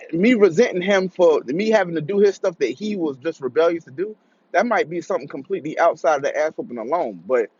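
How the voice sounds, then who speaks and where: A man talks through a personal story in a loose, casual monologue, swearing freely and slipping into the voices of the people he quotes. His voice sits a little high for a man. The sound is muffled and lo-fi, with no room echo. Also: breathy edge. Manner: profane, animated, acts out quoted voices. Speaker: vlogger. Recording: dull lo-fi dry recording.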